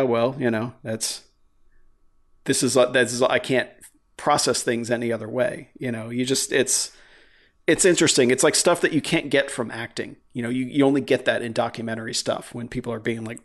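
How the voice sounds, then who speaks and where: Guy rambling on a podcast, swears a lot, tons of likes and you knows. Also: medium pitch. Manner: rambling, swears freely, many fillers. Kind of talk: casual chat.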